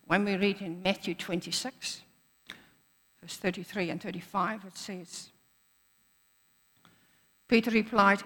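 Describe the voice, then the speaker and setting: A woman's voice: medium pitch, steady tone, a little slow, long pauses, a bit bright. A woman preacher giving a sermon in an earnest manner, repeating phrases for emphasis. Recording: echoey hall.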